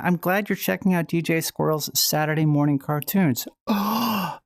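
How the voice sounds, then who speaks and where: A woman's voice: low voice, moderate pace, hardly any pauses, no room sound, clean studio sound. A woman hosting a casual livestream at home while playing VR, rambling and playful with frequent restarts. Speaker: livestream host.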